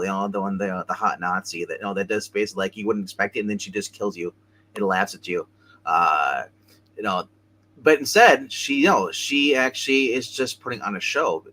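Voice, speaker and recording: Male co-host, bright and forceful voice, rambling episode recap full of restarts. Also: on the low side, rough recording. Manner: rambling, halting, many restarts. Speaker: show co-host.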